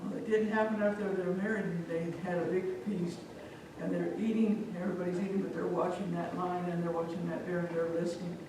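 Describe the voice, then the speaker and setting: A woman from Omaha telling a folk tale live to an audience, animated and speaking directly to listeners. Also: lowish voice, a little fast, few pauses, noisy background. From Omaha, Nebraska. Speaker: storyteller. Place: live public event, echoey room. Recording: echoey hall from far off.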